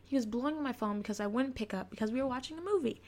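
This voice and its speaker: A woman's voice: on the high side, racing, darkish tone. A young woman hosting a podcast, telling a personal story in a frank, confessional way and swearing freely. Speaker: podcast host.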